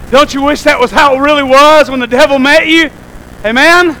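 A man preaching in church, tossing "Amen?" back to the congregation. His very high, bright voice jumps from shouted points to soft, quick asides. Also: a little hiss or hum. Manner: call-and-response, asking "Amen?"; swings between shouting and quiet asides. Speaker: pastor. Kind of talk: sermon.

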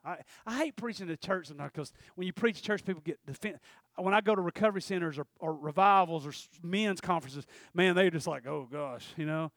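A man's voice: on the high side, fairly quick, fairly bright tone, no room sound, studio quality. A man preaching a sermon, folksy and fiery, often calling out "Amen?" to the congregation.

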